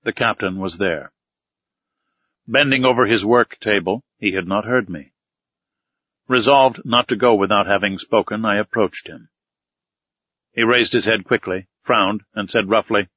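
Brief: male audiobook narrator, measured and formal, lowish pitch, dry close recording. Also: husky, dry recording. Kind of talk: first-person audiobook narration. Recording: slightly dull, dry recording.

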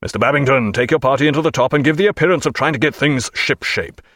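A man's voice: mid-range voice, quick pace, a bit bright, no room sound, studio quality, close to an everyday voice. A man voicing a commanding naval captain who barks orders in battle. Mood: brisk command. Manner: barking orders.

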